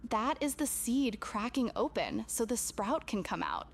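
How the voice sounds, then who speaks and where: Lively-voiced woman channeling a spiritual message. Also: a little high, measured pace, a little hiss or hum. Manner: earnest, intimate, emphatic repetition. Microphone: camera.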